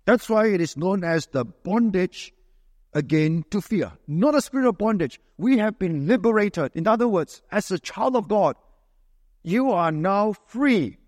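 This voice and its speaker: A man preaching a sermon, with a fairly high voice. He talks conversationally, often tossing a quick "right?" to the congregation. His voice sounds close and dry, yet a long hall reverb trails after it. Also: animated. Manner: conversational preaching with frequent rhetorical "right?" checks.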